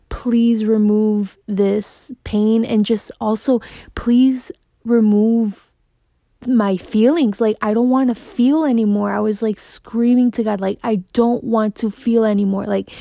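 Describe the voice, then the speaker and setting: A young woman hosting a podcast, speaking in a slow, heartfelt and emotional way about her own life. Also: a little high, vocal fry, dark tone, no room sound, studio quality. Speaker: podcast host. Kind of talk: reflective personal podcast monologue.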